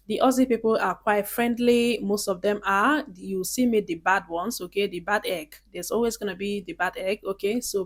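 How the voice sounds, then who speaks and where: Woman, chatty advice vlog, earnest, keeps checking in with viewers, mid-range voice. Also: mid-range voice. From Nigeria. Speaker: vlogger.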